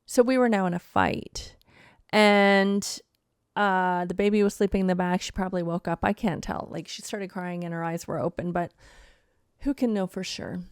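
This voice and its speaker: A woman's voice: on the low side, moderate pace, smooth, no echo. Thirtysomething woman comic ranting on her podcast, swears a lot, dry close mic. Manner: animated, indignant, swears freely. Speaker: comedian and podcast host. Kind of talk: comedic storytelling rant.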